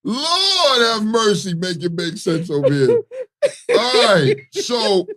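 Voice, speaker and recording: A man's voice: sits high, huge pitch swings, slow pace, fairly bright tone. A Baltimore man co-hosting a morning radio show, chatting casually and profanely, often asking "you know what I mean.". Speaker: radio co-host.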